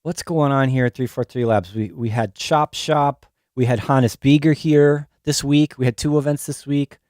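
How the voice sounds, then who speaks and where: A man's voice: medium pitch, moderate pace, a little mellow, no room sound. A man hosting a casual livestream from a music studio, greeting viewers and chatting loosely. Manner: chatty, reads out chat names. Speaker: livestream host. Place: music studio in New York. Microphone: headphones on, studio mic. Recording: music playing behind the voice. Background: electronic music.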